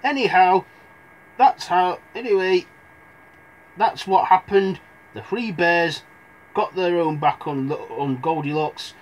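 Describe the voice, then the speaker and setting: A man's voice: high voice, slow pace, pauses often, highs cut off. A young man telling fairy tales in a rambling, irreverent comic retelling, full of asides. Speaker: storyteller.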